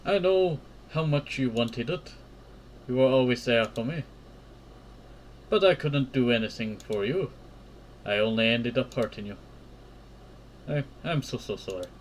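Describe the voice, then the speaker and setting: A guilt-ridden young woman from a visual novel pleads softly through her apologies, as a man reads her lines in his own voice. Her words come out halting and hushed. A faint hum of noise sits underneath. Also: medium pitch, close to an everyday voice. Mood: remorseful.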